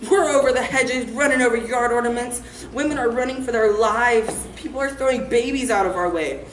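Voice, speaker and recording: Brief: woman as a rambling teen delinquent, fairly high voice, echoey stage sound. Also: brisk, lightly acted. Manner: breezy, rambling, full of "like" and "right?". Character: reckless rambling teen troublemaker on probation. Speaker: student actor in a stage monologue. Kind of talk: comic stage monologue. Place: live on a theater stage. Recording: echoey theater hall, faint hiss.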